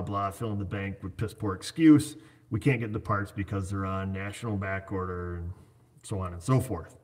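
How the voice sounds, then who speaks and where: A man who owns an auto repair shop, talking casually in a rambling, joking way and walking through hypothetical examples. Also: lowish voice. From United States. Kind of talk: casual chat.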